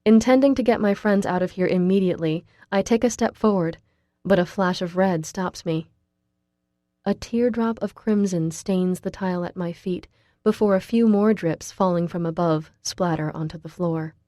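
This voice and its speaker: A woman narrating a novel in first person, reading in a quiet, measured way. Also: on the low side, no room sound, studio quality. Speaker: audiobook narrator.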